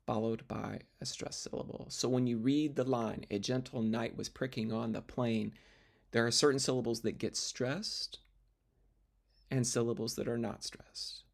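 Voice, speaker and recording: A man's voice: medium pitch, fairly even intonation, normal speed, gravelly. A man teaching literature in a recorded lecture video, explaining step by step with fillers and restarts.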